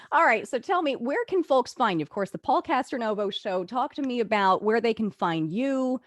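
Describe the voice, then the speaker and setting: A woman's voice: on the high side, lively intonation, moderate pace, dry recording. Woman, late thirties, interview host, friendly, laughs often, dry recording. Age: 30s. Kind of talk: casual interview chat.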